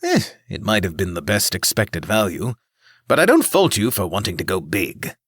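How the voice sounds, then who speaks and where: A man's voice: on the low side, very animated, moderate pace, fairly bright tone, breathy edge, no echo, studio quality, full character voice. A man voicing a small invisible tailed creature in an audiobook, offhand and reassuring.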